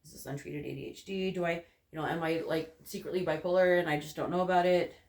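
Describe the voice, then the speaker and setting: A young man with a fairly high, steady voice talks fast with vocal fry as he vlogs from a corner of his bedroom. His candid, rambling talk to camera is full of "like" and "you know," and the room gives off a noticeable echo.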